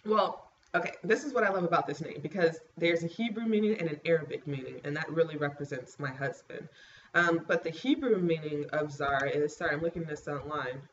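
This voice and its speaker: A woman vlogging casually to camera, rambling and clearing her scratchy throat. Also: low-pitched, brisk, highs cut off. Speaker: pregnancy vlogger.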